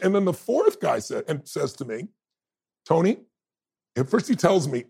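A man in his fifties, a podcast guest with a gravelly, husky, slightly mellow and slightly high voice, speaks quickly with big pitch swings. He tells a personal story energetically, acting out dialogue and laughing often.

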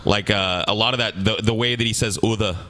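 A man's voice: on the low side, fairly even intonation, fairly quick, pushed and bright. A man co-hosting a podcast, chatting in a laid-back way and swearing casually. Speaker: podcast co-host. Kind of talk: casual chat.

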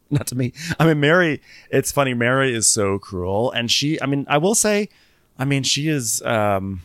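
A man with a mid-range voice that swings widely in pitch, recorded dry and close. He co-hosts a casual comedy recap podcast, throwing in sarcastic asides and frequent laughs. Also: big pitch swings, normal speed, fairly bright tone, clear, resonant tone, no room sound. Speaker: podcast co-host recapping a reality show.

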